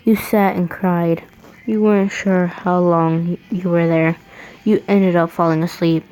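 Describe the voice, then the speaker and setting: Lady reading fanfic out loud real slow, keeps stopping to laugh n comment. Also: fairly low pitch, steady tone, smooth, rough recording. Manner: breaks off to laugh and comment mid-read. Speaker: fan fiction reader. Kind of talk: reading fan fiction aloud with asides.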